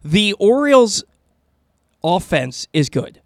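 A man co-hosting a sports radio show, talking in an animated, excitable way and often stumbling over and repeating his words. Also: high-pitched, takes it slowly, gravelly, no room sound, clean studio sound. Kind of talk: casual sports talk.

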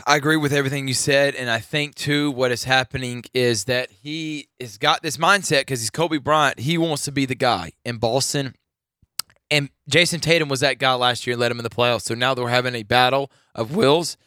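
A man hosts a sports talk radio show, his voice bright and clean with a slightly high pitch. He gives strong opinions and builds into emphatic rants. The sound is dry and close to the mic. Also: steady tone, moderate pace, clear, resonant tone, dry recording.

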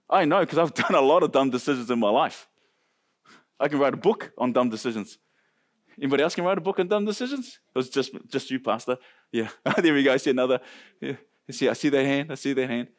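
A man with a New Zealand accent preaching a sermon as pastor, animated and jokey, talking straight to his congregation. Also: medium pitch. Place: church service.

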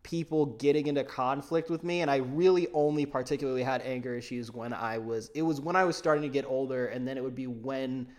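Animated young man, podcast chat. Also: mid-range voice, fast, few pauses. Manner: animated, swears, rambling fillers. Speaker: podcast co-host. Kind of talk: casual chat.

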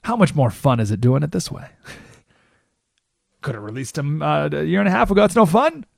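A man hosting a talk radio show, telling stories with animated delivery and asking rhetorical questions. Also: fairly high pitch, normal speed, vocal fry, no echo, studio quality. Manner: animated storytelling with frequent rhetorical "right?"; acts out quoted voices.

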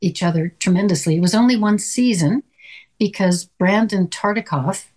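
An older woman from Canada, an actress guest chatting in an interview and telling lively stories with quoted voices. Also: medium pitch, normal speed. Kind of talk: conversational interview.

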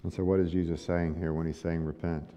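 This pastor speaks low and a little fast, warm in tone, with little movement in pitch. He preaches conversationally, throwing rhetorical questions at the congregation, captured in dull lo-fi sound with a long hall reverb.

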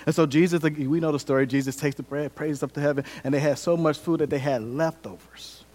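A man's voice: fairly high pitch, steady tone, fast, a little mellow. A man preaching a sermon as pastor, conversational and humorous, acting out scenes and repeating his key points.

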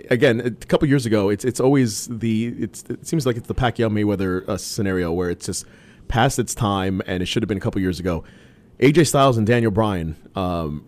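A man's voice: fairly low pitch, a little mellow. A man co-hosting a casual talk show, rambling with many restarts and fillers. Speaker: podcast co-host. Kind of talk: casual wrestling chat.

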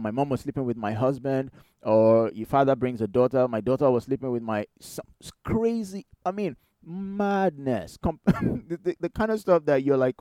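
Guy preaching in church, chatty and animated, warm dark voice. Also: medium pitch, dry recording. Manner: animated, conversational preaching with rhetorical questions. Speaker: pastor. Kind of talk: sermon.

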